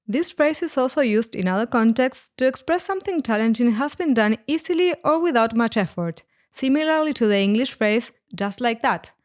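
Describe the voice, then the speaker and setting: A woman narrating a scripted language lesson, explaining words clearly and slowing down on each example. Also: a little high, expressive. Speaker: Spanish teacher.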